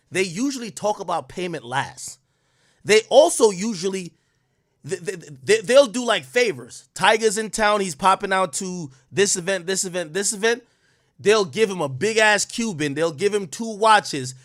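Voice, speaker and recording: A man's voice: sits high, a bit bright. A young man hosting a podcast, rambling through loose, slang-heavy stories in casual chat. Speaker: podcast host.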